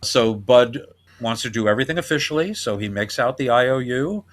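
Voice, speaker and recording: This podcast host, a man with a medium-pitched voice, chats casually in a brisk, animated way. He laughs often while retelling scenes.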